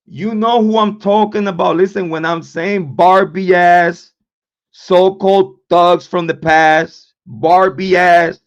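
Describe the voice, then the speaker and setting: A man's voice: high voice, fairly even intonation, takes it slowly. A man hosting a true crime livestream, ranting in a profane, confrontational way with many repeated words and restarts. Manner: repetitive, stammering restarts. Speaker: true crime channel host. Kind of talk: livestream rant. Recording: dull lo-fi sound.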